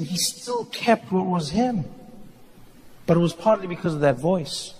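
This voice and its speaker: Man comedian on stage, high voice, animated storytelling, faint room hum. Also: in a large hall. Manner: animated storytelling, often shouting punchlines. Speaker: stand-up comedian. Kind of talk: stand-up comedy set.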